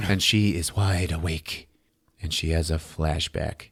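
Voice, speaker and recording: A man hosting a podcast, giving a comedic movie recap in a lively, profane style and laughing often. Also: low-pitched, normal speed. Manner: animated, swearing, laughing often. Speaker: podcast host.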